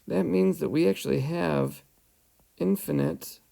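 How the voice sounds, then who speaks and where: A man's voice: a little high, huge pitch swings, measured pace, creaky, dark tone. A man teaching a whiteboard math lesson, patiently talking through each step and checking in with "right?". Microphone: headset or tablet mic, voice-over screencast.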